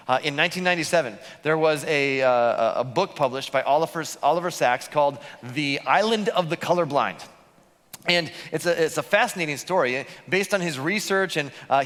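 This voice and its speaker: A man's voice: on the high side, a bit bright. A man preaching a sermon, telling stories in a conversational way with fillers. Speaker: pastor. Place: church auditorium. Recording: church hall reverb.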